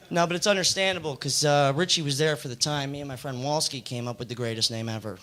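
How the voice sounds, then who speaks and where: A young American man doing a stand-up set, rambling and deadpan with lots of fillers. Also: a little high, fast talker. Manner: laid-back, rambling, deadpan jokes with fillers. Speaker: stand-up comedian. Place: comedy club stage. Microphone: handheld stage mic. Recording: noisy club recording. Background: audience noise.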